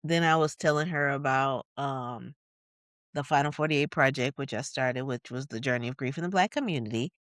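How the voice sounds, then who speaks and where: A podcast co-host from Michigan tells a personal story in a thoughtful way, pausing on fillers and then rushing ahead. The voice sits in a middle pitch. The recording is close and dry. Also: a bit bright, dry recording. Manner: thoughtful, lots of fillers, quick narration bursts. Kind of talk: reflective storytelling in casual podcast chat.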